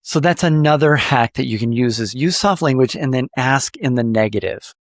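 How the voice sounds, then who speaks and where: A man hosting a podcast, coaching listeners in a lively, animated way with playful jokes. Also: mid-range voice, moderate pace, no echo, studio quality. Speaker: podcast host.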